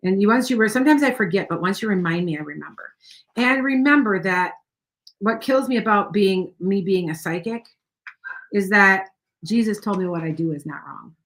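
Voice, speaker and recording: A woman's voice: mid-range voice, normal speed, a bit bright. A middle-aged woman hosting a casual livestream tarot reading, rambling and reassuring viewers by name. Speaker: tarot reader and livestream host.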